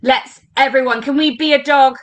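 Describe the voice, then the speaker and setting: A woman's voice: high voice, steady tone, moderate pace. A woman leading an online storytelling workshop for children, upbeat and encouraging as she speaks straight to the kids watching. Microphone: online livestream.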